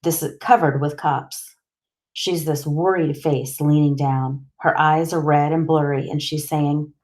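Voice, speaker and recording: Low-voiced woman narrating an audiobook. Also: steady tone, measured pace, darkish tone. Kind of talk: first-person audiobook narration.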